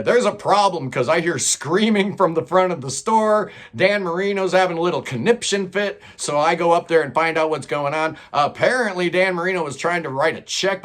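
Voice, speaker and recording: A middle-aged man telling stories in a chatty, animated way, often saying "man". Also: fairly high pitch. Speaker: channel host telling celebrity stories. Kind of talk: casual storytelling monologue.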